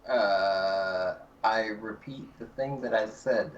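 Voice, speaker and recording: Low-voiced hesitant male player. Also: takes it slowly, lo-fi sound. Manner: hesitant, with fillers. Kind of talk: casual chat. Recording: clear background noise.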